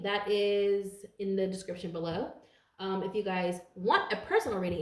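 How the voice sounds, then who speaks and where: A woman giving a casual tarot reading to her viewers, blunt and profane, rambling with lots of fillers. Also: medium pitch. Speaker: tarot reader. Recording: roomy echo.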